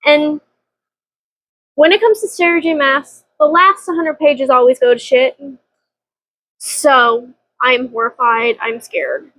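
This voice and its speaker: A young woman chatting casually as a book vlogger at home, dramatic and quick to laugh, with casual swearing. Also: high-pitched, fairly even intonation, a bit bright, no echo, low-quality recording. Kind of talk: casual chat.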